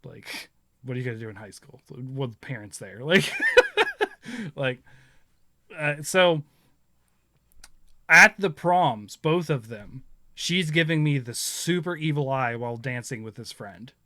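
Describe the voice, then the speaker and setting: A man's voice: mid-range voice, a little slow, sharp tone, dry recording, clean studio sound. A man in his thirties hosting a casual chat, rambling through stories, laughing often and acting out what others said. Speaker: podcast host.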